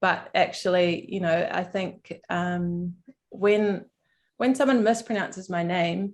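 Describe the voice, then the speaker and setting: A woman cricket player talking casually on a video call panel, relaxed, with frequent fillers and restarts. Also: fairly low pitch.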